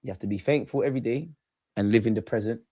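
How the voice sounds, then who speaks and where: Young guy ranting at his stream chat, loud and jumpy. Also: mid-range voice, fast talker. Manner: excitable, taunting, shouts at chat. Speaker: fan channel host. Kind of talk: livestream football reaction.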